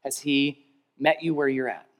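A male pastor delivering a sermon, leading a call-and-response and swinging between emphatic peaks and quiet, low stretches. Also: steady tone, moderate pace. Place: large church hall. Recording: long reverb of a large hall.

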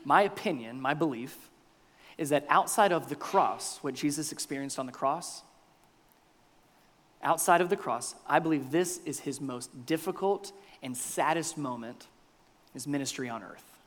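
A man preaching a sermon as pastor, swinging between loud bursts and near-whispers. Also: on the high side, unhurried, long reverb tail. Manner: animated preaching with big swings in loudness, dropping to near-whispers.

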